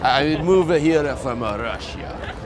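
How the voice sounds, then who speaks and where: A man's voice: medium pitch, animated, takes it slowly, noisy background, pitched above the performer's own voice. A man putting on a hammy fake Russian accent and playing a Russian stranger outdoors on a city street, with a crowd chattering behind. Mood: mock-serious.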